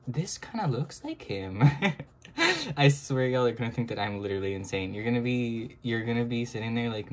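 Chatty self-mocking young man drawing. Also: a little fast. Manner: chatty, self-mocking, bursts into high excited exclamations. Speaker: drawing vlogger. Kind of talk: casual chat while drawing.

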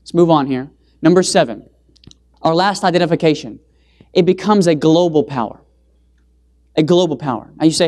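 A man's voice: animated, a little fast, long pauses. Brief: emphatic male preacher quizzing the congregation. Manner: emphatic, asks the audience rhetorical questions; swings pitch and loudness for emphasis. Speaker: evangelist preacher. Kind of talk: sermon. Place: church.

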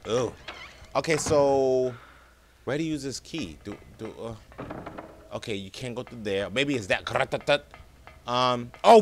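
A young man giving let's play commentary, excitable, talking to viewers as "y'all" and yelping and laughing at scares. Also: fairly high pitch, measured pace. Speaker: gaming streamer.

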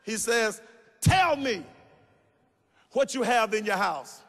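High, gravelly shouting preacher man. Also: animated, takes it slowly. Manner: emphatic, rising into shouted sing-song cadences; calls for audience responses. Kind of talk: sermon. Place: large church sanctuary. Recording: reverberant church hall.

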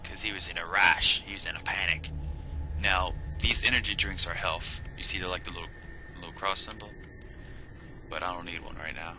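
A man giving casual let's-play commentary on a game, joking, swearing and bursting into high shrieking voices. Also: fairly even intonation, fairly quick, sharp tone, a little hiss or hum. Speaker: gameplay commentator.

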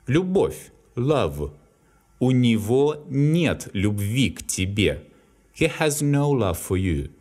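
A native Russian tutor with a Russian accent works through a vocabulary lesson at a slow, deliberate pace. He reads each word, then an example sentence, then its translation. His pitch rises and falls in a lively way.

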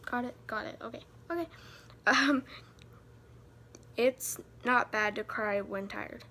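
Giddy high-voiced teen girl vlogging. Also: slow, pushed and bright. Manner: rambling, self-mocking, giddy on sugar. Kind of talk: casual advice vlog.

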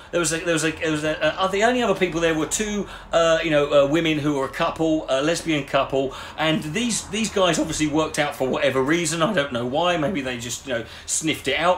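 A man's voice: fairly high pitch, a little hiss or hum. A man doing sarcastic, sweary commentary on comments he reads out, rambling and restarting as he mocks them. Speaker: YouTube commentator.

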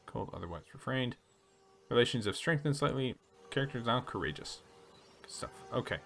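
A man hosting a relaxed let's play, reading story text aloud and chatting about his choices. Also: mid-range voice, normal speed, gravelly, soft background music. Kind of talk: casual gameplay commentary reading game text aloud.

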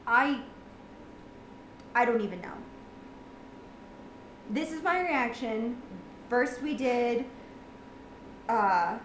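A woman's voice: on the high side, expressive, extremely slow, pauses often, a bit bright, slight background noise. A woman in a home room, venting in an exasperated, sarcastic rant full of swearing on a gaming reaction vlog. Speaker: gamer reacting to a game ending. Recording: echoey room.

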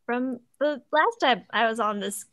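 A woman player introducing her returning character, quiet and hesitant. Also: on the high side, unhurried.

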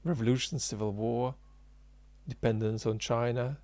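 A man's voice: medium pitch, fairly even intonation, normal speed, darkish tone, dry recording. A man giving unscripted political commentary, emphatic and argumentative, thinking aloud with frequent ums and restarts.

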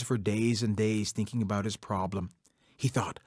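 Husky-voiced male storyteller. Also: lowish voice, steady tone, normal speed, no room sound, studio quality. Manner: warm, conversational, addresses listeners directly. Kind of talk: oral folk storytelling for children.

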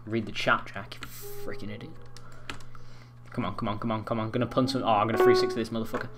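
A sixteen-year-old boy doing excitable, foul-mouthed gameplay commentary, trash-talking other players. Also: on the low side, quick pace, music in the background. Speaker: gaming commentator.

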